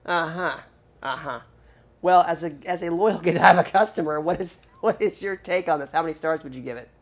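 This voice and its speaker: With a voice on the high side, a man hosts a casual podcast from a small studio, joking about himself and running through fast promos. The sound quality is dull.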